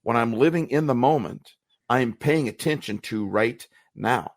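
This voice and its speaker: With lively intonation, normal speed and some vocal fry, a mid-range male voice co-hosts a motivational podcast. He comes across earnest and reflective, repeating himself while hunting for words, and the recording is dry and studio quality.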